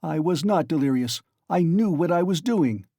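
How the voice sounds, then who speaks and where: A man's voice: a little high, expressive, mellow, no echo, clean studio sound. A man voicing Raskolnikov, a tense suspected young man. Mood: defiant. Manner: strained, accusing, at times slow and weak. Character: tense young man under suspicion, defiant and bitter.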